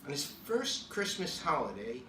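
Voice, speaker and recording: A man from New York speaks to the camera about leadership in an emphatic storytelling manner, leaning hard on key words. His voice sits a little high for a man and sounds a bit distant from the mic. The room around him is echoey, with a faint hiss underneath. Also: very animated, normal speed, bright, forceful tone. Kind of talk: motivational talk to camera.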